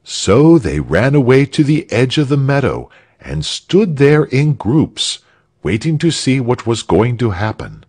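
A man reading a story aloud for English learners, slowly, clearly and expressively. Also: mid-range voice, very animated, darkish tone. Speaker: narrator.

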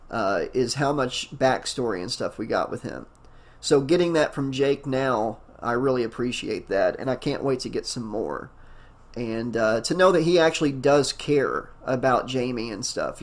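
A male audiobook narrator with a voice that is wearing hoarse. He reads the story aloud and then slips into loose, enthusiastic talk, full of ums and asides. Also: mid-range voice. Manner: rambling, enthusiastic, many fillers. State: hoarse, losing his voice. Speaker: audiobook narrator and channel host. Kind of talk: audiobook narration and casual commentary.

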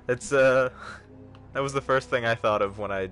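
A man's voice: mid-range voice, normal speed, a bit bright, faint music behind. A man streaming a video game, joking and mocking himself as he chats with viewers. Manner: joking, self-mocking, talks to chat. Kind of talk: casual gameplay commentary.

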